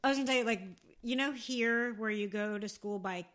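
Bright, slightly high New Jersey woman, joking co-host. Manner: joking, slow when explaining, laughs easily. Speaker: podcast co-host. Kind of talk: casual chat.

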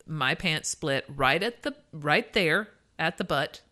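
A woman co-hosting a podcast in casual chat, animated and giggly as she tells stories. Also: low voice, slow. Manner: chatty, giggly, animated storytelling. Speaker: podcast co-host.

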